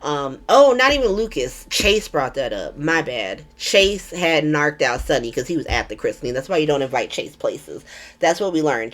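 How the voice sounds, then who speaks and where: A woman hosting a casual recap vlog, talking in a chatty, irreverent way with frequent swearing and ums. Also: low voice. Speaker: soap opera recap vlogger.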